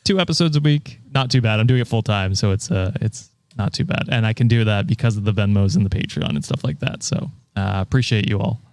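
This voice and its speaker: Relaxed male podcast co-host, easygoing and a little halting, dry studio mic. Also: lowish voice, no echo. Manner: laid-back, chuckling, hesitant fillers. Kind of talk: casual podcast chat.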